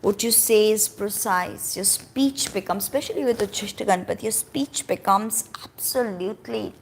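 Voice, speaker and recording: A woman's voice: mid-range voice, moderate pace, a little hiss or hum. A woman giving a casual spoken teaching, emphatic and conversational, drawing out key words for stress. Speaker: spiritual teacher.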